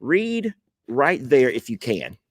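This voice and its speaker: A man's voice: mid-range voice, huge pitch swings, slow, no room sound, studio quality. A man hosting a casual vlog, chatting folksily and directly to his viewers as he opens gifts. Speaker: vlog host. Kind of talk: casual vlog chat while opening gifts.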